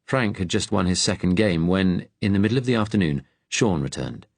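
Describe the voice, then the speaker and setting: A deep, low-pitched man reads a wartime thriller aloud in a steady, serious, measured way. The sound is close and dry, with no room around it. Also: creaky, dry recording. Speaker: audiobook narrator. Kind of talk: scripted narration.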